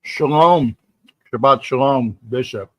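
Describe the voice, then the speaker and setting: Man hosting a fan livestream, slow and rambling, repeats and restarts himself, close dry sound. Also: medium pitch, fairly bright tone, dry recording. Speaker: sports talk livestream host. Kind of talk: casual live-stream chat reading viewer comments.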